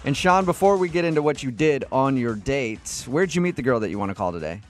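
A man hosting a radio show, bantering with a caller in quick, joking patter. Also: mid-range voice, expressive, faint music behind.

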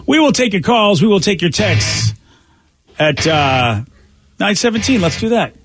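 A man's voice: sits high, sing-song, a little slow, music in the background. A man co-hosting a morning radio show, teasing his co-hosts in playful banter and reading station call-in details.

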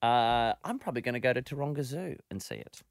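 A man hosting a radio show, telling stories in an animated, chatty way with quick asides. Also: mid-range voice, vocal fry. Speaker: radio host. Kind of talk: casual radio chat.

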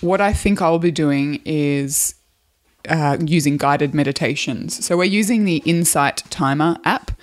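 A woman's voice: low-pitched, unhurried. A woman co-hosting a casual podcast, upbeat and chatty, explaining things at length. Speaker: podcast co-host.

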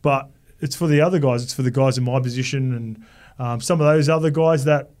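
A man's voice: medium pitch, fairly quick, darkish tone. A man making thoughtful points in a casual podcast chat.

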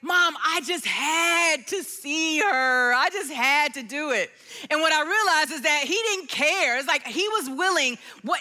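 Lively, bright-voiced woman preacher. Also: sits high. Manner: storytelling, animated, acts out quotes. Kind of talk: sermon with personal story.

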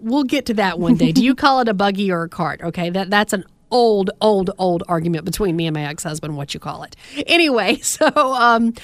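A woman in her thirties, a podcast co-host telling stories in casual chat, animated and indignant. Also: mid-range voice, no echo. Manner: animated storytelling, indignant asides.

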